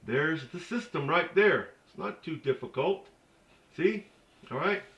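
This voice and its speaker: A man's voice: expressive, measured pace, a bit bright. A man giving an informal language lesson in a folksy, chatty way, repeating sounds over and over to show how they are said. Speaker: language teacher. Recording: roomy, distant, dull low-fi sound.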